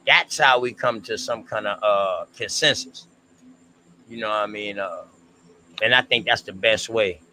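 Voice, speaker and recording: A man with a bright, forceful voice co-hosts a relaxed history stream. He talks in slang and draws out his thoughts, with faint noise underneath. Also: on the low side, poor audio. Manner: laid-back, slangy, drawn-out. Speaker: co-host. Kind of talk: casual history discussion stream.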